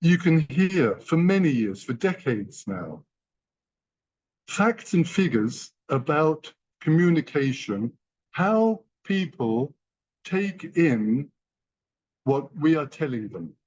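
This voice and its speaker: A man's voice: a little high, sing-song, slow pace, a little mellow, slightly rough. A man giving a motivational training talk to company partners, emphatic and repeating key phrases. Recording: dull lo-fi sound.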